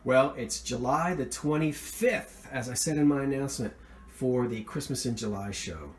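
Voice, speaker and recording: A man's voice: medium pitch, moderate pace. A man hosting a thrift haul video, talking casually and enthusiastically about his finds, rambling with plenty of fillers and self-corrections. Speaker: thrift reseller vlog host. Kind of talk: casual show-and-tell chat.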